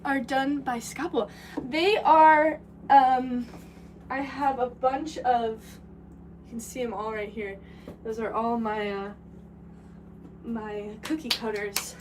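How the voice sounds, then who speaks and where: A woman's voice: on the high side, steady tone. A young woman rambling casually and laughing as she chats with a live-stream audience from a pottery studio. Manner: rambling, chatty, quick to laugh. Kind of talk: casual live-stream chat while working. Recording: distant mic with background noise.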